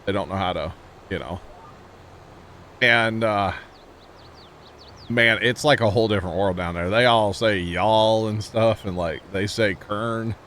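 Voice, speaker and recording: A man's voice: on the low side, a little slow, long pauses, a bit bright, a little hiss or hum. A man from Missouri with a St. Louis accent, chatting casually with stream viewers while playing a game, rambling and laughing easily. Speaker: livestream gamer.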